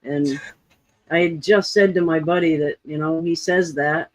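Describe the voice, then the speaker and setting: A man's voice: a little high, fairly even intonation, a little slow, no room sound, poor audio. A man co-hosting a livestream, chatting casually and going along easily with the host. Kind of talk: casual chat.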